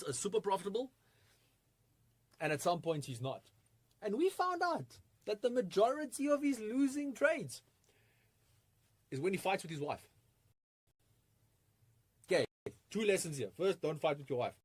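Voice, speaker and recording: Energetic man presenting a webinar, higher voice. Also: unhurried, pauses often, dry recording. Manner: energetic, rhetorical questions, chuckles often. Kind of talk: live online masterclass talk. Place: live online webinar.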